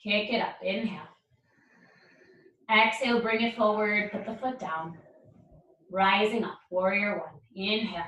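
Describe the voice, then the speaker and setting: A woman leading a yoga class, calling out poses and breaths in calm, encouraging cues. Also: mid-range voice, measured pace, pauses often, far from the mic. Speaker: yoga instructor. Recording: roomy echo, speaker away from mic.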